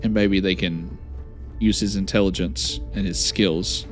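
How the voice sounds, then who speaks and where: A man's voice: deep voice, fairly even intonation, measured pace, faint music behind. A man hosting a let's play, reading out his dialogue choices and thinking aloud as he plays. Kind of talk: casual gameplay commentary.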